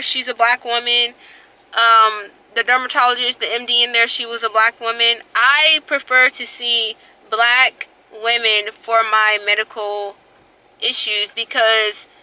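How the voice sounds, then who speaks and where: A woman with a high voice and a very bright, sharp tone tells a story to her vlog camera. She is emphatic and animated, acts out what other people said, and repeats lines to drive them home. Her talk is casual and chatty. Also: clear, resonant tone, rough recording. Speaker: vlogger.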